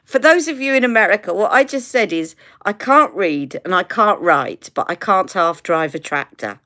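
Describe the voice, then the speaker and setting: A woman's voice: mid-range voice, animated, normal speed, pushed and bright. A woman from the UK chatting and laughing through tangents on a live makeup stream. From United Kingdom. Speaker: beauty vlogger. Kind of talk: live makeup tutorial chat.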